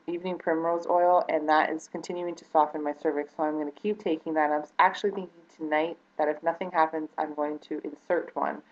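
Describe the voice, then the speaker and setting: Low-voiced woman vlogging, full of ums. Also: darkish tone, lo-fi sound. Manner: hesitant, many fillers and restarts; earnest, close to tears. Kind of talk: personal vlog, talking to camera.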